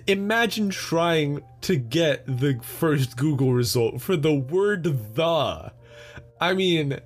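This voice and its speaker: A young man with an American accent hosts a solo podcast, talking at an unhurried, drawn-out pace. He rambles and jokes with plenty of fillers and little laughs. Faint music sits underneath. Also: on the high side. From United States. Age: young adult. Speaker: podcast host. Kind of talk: solo casual chat.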